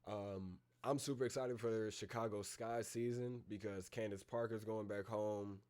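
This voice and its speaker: Laid-back man with a mellow low voice. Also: steady tone. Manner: slangy and rambling, calls listeners bro; reads down a list of names with filler pauses. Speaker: streamer hosting a live reaction. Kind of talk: casual live-stream commentary.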